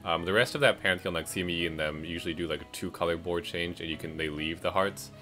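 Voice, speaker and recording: A man's voice: deep voice, steady tone, quick pace, sharp tone, faint music behind. A man casually reviewing game updates in a rambling way, with lots of fillers and self-corrections. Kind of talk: casual commentary. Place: home, music playing behind.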